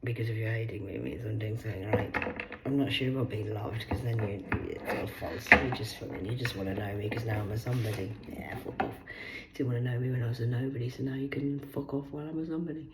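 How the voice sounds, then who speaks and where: A woman in her forties, losing her voice, who rambles, swears and swings between loud bursts and hushed asides as she hosts a solo chat. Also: very deep voice, quick pace, echoey room, noisy background. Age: 40s. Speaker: host. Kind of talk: rambling solo live chat reading aloud.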